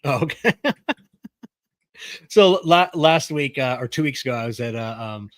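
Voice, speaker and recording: A man's voice: medium pitch, expressive, normal speed, a bit bright, no echo, clean studio sound. A man co-hosting a podcast in casual chat, telling rambling stories and laughing often. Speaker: podcast co-host.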